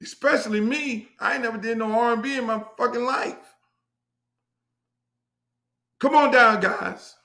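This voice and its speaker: On his own show, a middle-aged Miami host spins a casual storytelling monologue, brash and profane, looping back to phrases he's already used. He speaks a little slowly with long pauses, his pitch high and his tone bright and forceful, all in an echoey space.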